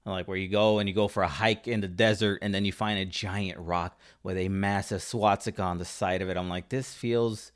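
Guy from socal telling a rambly story, kinda low voice, lots of uh and um. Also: level tone. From Southern California. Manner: rambling, halting, many fillers and restarts. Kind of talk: casual storytelling chat.

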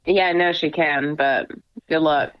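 Female podcast co-host, deadpan and brief, muffled lo-fi sound. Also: low voice, measured pace, no echo. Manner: dry, brief replies. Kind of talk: casual podcast chat.

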